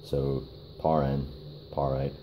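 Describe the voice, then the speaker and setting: A man giving a casual hands-on workshop demonstration, talking in a halting way with many fillers and restarts. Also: rumbling low, level tone, dull audio, noisy background. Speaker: DIY car repair video host.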